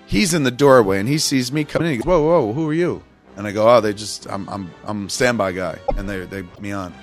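A man's voice: lowish voice, fairly quick, soft background music. A man casually telling a long, rambling, profane story on a podcast, acting out what everyone said. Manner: profane, rambling, acts out quotes.

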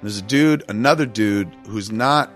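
A man's voice: lowish voice, normal speed, a bit bright, faint music behind. A man casually telling a long, rambling, profane story on a podcast, acting out what everyone said. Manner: profane, rambling, acts out quotes.

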